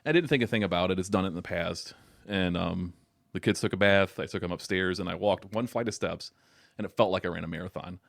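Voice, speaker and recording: A man's voice: low-pitched, fast talker, creaky, dry recording. A young man chatting as a podcast guest, telling rambling stories with plenty of swearing and laughter. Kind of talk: casual chat.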